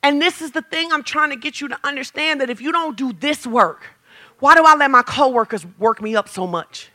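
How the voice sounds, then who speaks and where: A man with a strikingly high, piercing voice preaching a sermon. He is animated and playful, slipping into quick acted-out scenes and raising his voice to a shout for emphasis. His bright, sharp tone cuts through. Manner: animated preaching, acts out quotes, playful humor. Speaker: pastor.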